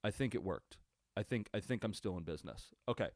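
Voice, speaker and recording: Rambling low-voiced man, solo podcast. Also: animated, fairly quick, darkish tone, dry recording, studio quality. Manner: rambling, profane, lots of fillers and restarts. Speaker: podcast host. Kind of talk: casual solo sports podcast. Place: home setup at a computer. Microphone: computer webcam recording.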